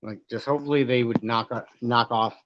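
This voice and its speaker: A man's voice: mid-range voice, fairly even intonation, brisk, background noise. A man hosting a live stream, rambling and arguing as he reads and answers the chat, swearing now and then. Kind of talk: casual live-stream commentary reading chat. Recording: dull lo-fi stream audio.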